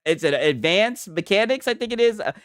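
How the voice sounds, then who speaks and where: Male streamer, casual reaction talk, slightly high, dry close sound. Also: expressive, brisk, fairly bright tone, clean tone, no echo. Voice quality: rambling, loose, with repeated tag questions and laughs. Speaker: streamer host.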